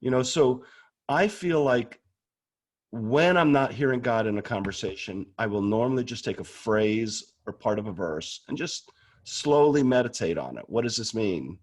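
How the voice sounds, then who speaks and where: With a mid-range voice, lively intonation and a moderate pace, a man speaks as a guest on prayer. He is casual and candid, frequently restarting words mid-flow.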